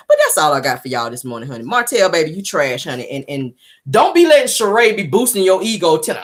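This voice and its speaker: Sassy, laughing woman host with a lively voice. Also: lowish voice, fast. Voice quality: sassy, profane, laughs often. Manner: animated, acts out both sides of a scene. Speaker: show host. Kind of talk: casual gossip commentary.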